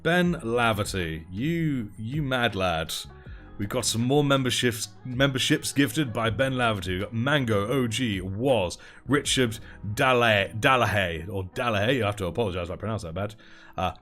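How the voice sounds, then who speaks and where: Painting miniatures on a casual livestream, a man chats, reads out and thanks his viewers, and laughs often. His voice is medium-pitched with a fairly bright tone.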